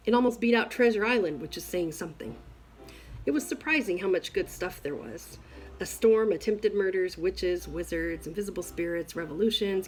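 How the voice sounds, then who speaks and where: A woman reads a novel aloud, telling it expressively in the first person. Her pitch sits mid-range for a woman, and soft music plays quietly underneath. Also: poor audio. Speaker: reader.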